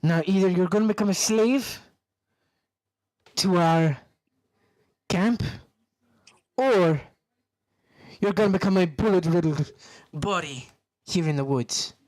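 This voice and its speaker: A man voicing the threatening leader of a wasteland raider gang, loud and taunting. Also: sits high, slow, pauses often, no room sound. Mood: menacing.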